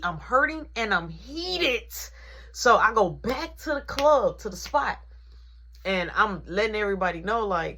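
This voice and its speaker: A woman telling a personal story in a casual, animated, conversational way. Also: mid-range voice, normal speed. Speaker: vlogger.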